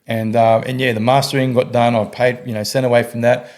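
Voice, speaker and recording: A man's voice: mid-range voice, little pitch movement, fairly quick, a little mellow. Laid-back North Queensland Australian man. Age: 40s. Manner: laid-back storyteller, acts out quotes, swears casually. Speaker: podcast guest. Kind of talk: casual chat.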